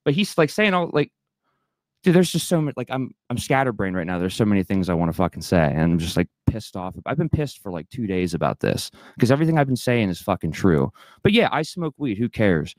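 Angry guy ranting on a stream, cussing, pitch all over the place, dry sound. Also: big pitch swings, brisk, darkish tone, no echo. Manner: profane, agitated, rambling with many restarts. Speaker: guest. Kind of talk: heated livestream rant.

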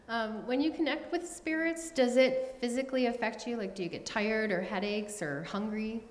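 A woman's voice: on the high side, moderate pace. A woman from Buffalo in a studio audience, asking a question in a hesitant way. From Buffalo, New York. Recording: roomy studio with long reverb.

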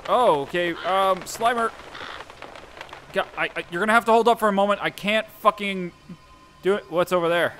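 A man's voice: sits high, normal speed, pauses often, bright, forceful tone, a little hiss or hum. A young man giving let's-play commentary on a horror game, jumpy and self-mocking, swearing often. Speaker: gameplay streamer.

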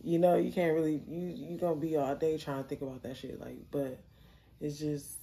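A young adult woman telling a story in a casual, blunt, animated way, swearing freely. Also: low voice, normal speed. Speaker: storyteller vlogger.

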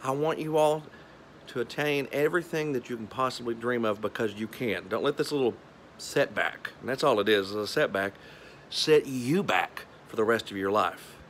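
A man's voice: mid-range voice, normal speed, fairly bright tone, a little hiss or hum. A television meteorologist with a Southern drawl gives a folksy, joking video message from his home garage.

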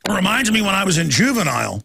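Gravelly ranting male talk host. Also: sits high, big pitch swings, very fast, sharp tone. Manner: ranting, emphatic, jumps between stories. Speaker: radio talk show host. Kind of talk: heated monologue.

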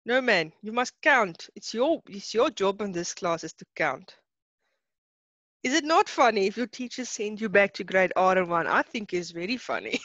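A young woman with a South African accent teaching an online class, chatty and quick to laugh, mixing in Afrikaans words. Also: mid-range voice, expressive, a bit bright, no room sound, highs cut off.

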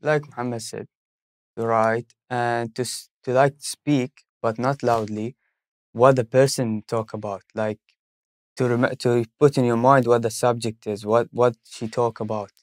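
A young man, a university student, speaking halting non-native English with frequent restarts in a casual interview. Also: medium pitch, fairly even intonation, dry recording.

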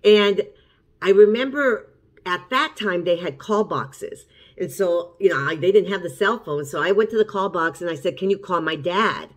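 A woman's voice: on the low side, expressive, moderate pace. Middle-aged woman telling a story. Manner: chatty, repeats and restarts while recounting events. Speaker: cooking channel host. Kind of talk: casual storytelling to camera.

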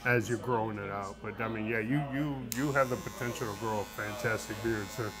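Easygoing barber over background music. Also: male voice, on the low side, steady tone, a little fast. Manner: easygoing, explaining. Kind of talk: casual chat while cutting. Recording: music and clippers behind.

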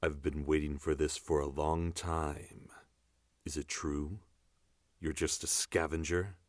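A man putting on the voice of a brooding young masked male villain, speaking slowly in a low, menacing murmur. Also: flat delivery, dry recording, studio quality. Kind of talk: voice impression test recording.

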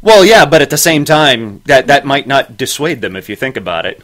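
Teasing man podcast host, lively voice. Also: brisk. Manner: joking, teasing, lively pitch. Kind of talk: casual podcast chat.

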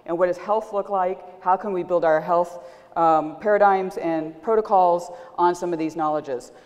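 A woman giving a public lecture, animated and speaking directly to the audience. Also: on the low side, moderate pace. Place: lecture hall. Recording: long hall reverb.

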